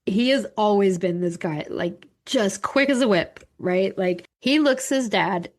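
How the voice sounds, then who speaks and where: Woman co-host, slow relaxed delivery, casual chatty storytelling with frequent laughs and swearing. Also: mid-range voice. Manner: laughs often while telling stories, swears casually. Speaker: podcast co-host.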